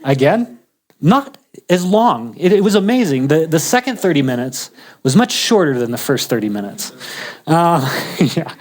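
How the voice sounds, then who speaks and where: A man's voice: a little high, sing-song, normal speed. A man casually telling a personal faith story, humorous and chatty, often restarting his sentences. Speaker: guest sharing a faith testimony.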